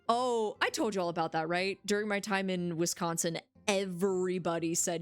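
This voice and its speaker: Excitable swearing woman streamer. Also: on the low side, normal speed, hardly any pauses. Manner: excitable, swears freely, reads all game dialogue aloud. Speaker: game streamer. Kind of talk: casual let's-play commentary.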